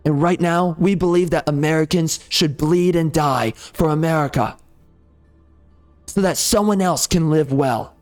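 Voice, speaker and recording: A man's voice: a little high, unhurried, soft background music. A man ranting heatedly over gameplay, swearing and repeating himself as he argues. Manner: heated, profane, repetitive ranting. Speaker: gaming channel host.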